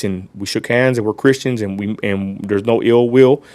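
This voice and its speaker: A man's voice: on the low side, steady tone, brisk, few pauses, a little mellow, dry recording. A man with a West Texas accent hosting a casual livestream, ranting bluntly and talking straight to his viewers. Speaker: livestream host.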